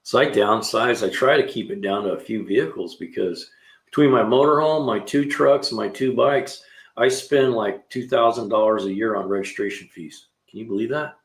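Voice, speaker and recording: A talkative man with a low, gravelly voice rambles through stories for his live stream viewers. He uses plenty of slang and drifts from one story to the next. His voice bounces around a roomy garage. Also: normal speed. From California. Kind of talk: casual chat, telling stories and answering chat. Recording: roomy echo.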